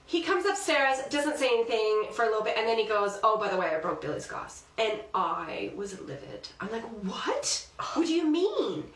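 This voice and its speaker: A woman co-hosting a casual podcast from a small room off her garage, telling an animated story and acting out what people said, while still getting over an illness. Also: medium pitch, brisk, few pauses. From Australia. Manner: animated storytelling, exclaims and acts out quotes. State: recovering from illness. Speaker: podcast co-host. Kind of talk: casual chat. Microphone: laptop on a deep freeze. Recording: roomy, distant mic, faint room hum.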